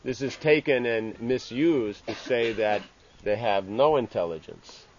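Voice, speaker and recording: A man giving an informal scripture class. He speaks haltingly, restarting phrases and tagging lines with "you know". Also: mid-range voice. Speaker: religious teacher. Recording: dull lo-fi with faint ambient hiss.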